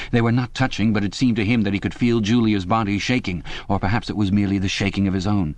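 Low-voiced male audiobook narrator. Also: steady tone, no echo. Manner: measured, dramatic reading. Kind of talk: scripted narration.

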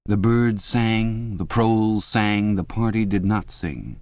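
Male narrator, lowish voice, measured dramatic reading, dry studio sound. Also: a little mellow, no echo. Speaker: audiobook narrator. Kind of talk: scripted narration.

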